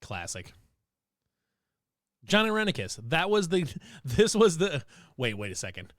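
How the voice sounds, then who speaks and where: Giggly man with a lively voice. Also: a little high, unhurried, dry recording, clean studio sound. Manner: giggly, rambling, repeats himself. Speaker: co-host. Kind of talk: casual chat while streaming.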